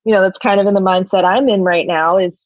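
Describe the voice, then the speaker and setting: A woman's voice: mid-range voice, fast, no room sound, dull audio. Chatty woman guest, lots of "like". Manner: animated, heavy "like" and "you know" fillers. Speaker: podcast guest, people and culture officer. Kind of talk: casual interview talk.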